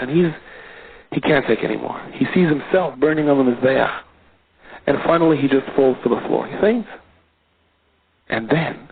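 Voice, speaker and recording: A man, a rabbi, telling a story in an animated sermon, his pitch sweeping widely. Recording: tinny phone-like audio.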